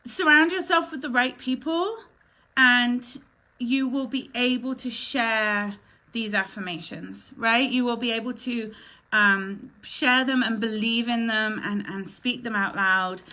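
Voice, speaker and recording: Bright-voiced emotional woman hosting a live stream. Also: fairly high pitch, unhurried. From Canada. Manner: emotional, chatty, greets viewers by name, often tearful. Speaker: live show host. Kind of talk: casual live-stream chat.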